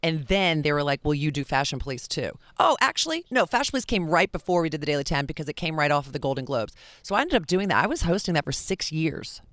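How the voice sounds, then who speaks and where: A woman in her forties chatting as a guest on a radio talk show, telling animated stories with quick asides. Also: low voice, no echo. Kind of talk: casual chat. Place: radio studio. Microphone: studio mic.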